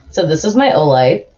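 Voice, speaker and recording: A woman's voice: fairly low pitch, highs cut off, heavy background noise. A woman hosting a live stream, chatting casually in a giggly, rambling way with lots of restarts.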